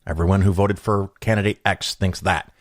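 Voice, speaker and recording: A man's voice: sits low, steady tone, a little fast, no echo, clean studio sound. A middle-aged man hosting his own podcast, telling a story and musing aloud in a chatty way, acting out the voices of people he quotes. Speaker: podcast host. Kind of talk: casual solo monologue.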